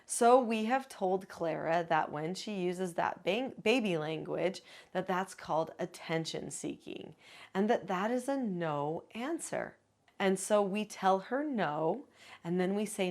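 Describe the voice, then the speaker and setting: A woman working as a parenting educator and author, calmly explaining parenting skills step by step in an advice video. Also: on the low side, measured pace. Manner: calm, instructive, explains step by step.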